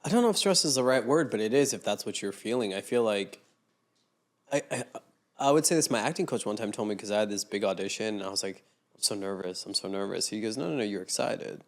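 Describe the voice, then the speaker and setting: A man's voice: on the low side, lively intonation, quick pace. Male co-host, thoughtful and probing, animates his stories with quoted voices. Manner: reflective, acts out quoted thoughts. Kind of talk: casual chat.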